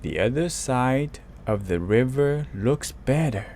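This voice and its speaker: A man's voice: mid-range voice, expressive, slow, darkish tone, a little hiss or hum, pitched above the performer's own voice. A man voicing a small, mean male billy goat who boasts and taunts, in a read-aloud storybook. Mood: complaining.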